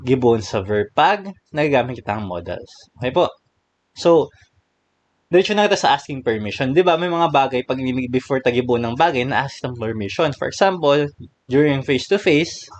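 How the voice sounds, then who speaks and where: A young man with a Bicol Filipino accent teaching a recorded lesson, patiently explaining and checking that his students follow. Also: medium pitch. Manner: switches between English and Bicol mid-sentence; patient, repeats and checks understanding.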